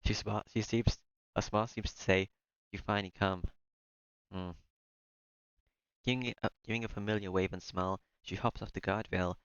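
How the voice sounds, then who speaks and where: A man's voice: lowish voice, fairly even intonation, normal speed, pauses often, a bit bright, clean tone, dry recording, lo-fi sound. A man reading a visual novel aloud in the first person, breaking off now and then for joking asides. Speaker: let's-play streamer.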